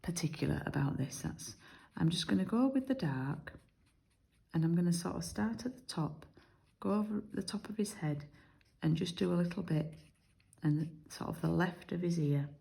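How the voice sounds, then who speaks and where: A British woman demonstrates card making in a chatty, step-by-step way. Her voice sits low, with a gravelly, mellow tone. She talks along as she works, explaining each move. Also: lively intonation, moderate pace, poor audio. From United Kingdom. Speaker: craft demonstrator.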